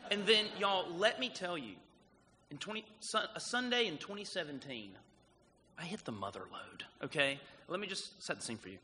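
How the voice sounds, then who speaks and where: A man with a South Carolina accent preaches a sermon in a casual, chatty way, full of "like" and "um" as he tells stories. His voice is very bright and sits a little high. The sound has a long, echoing reverb, as if from a big church hall. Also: normal speed, slight background noise. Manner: casual, animated storytelling with lots of "like" and "um". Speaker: guest pastor.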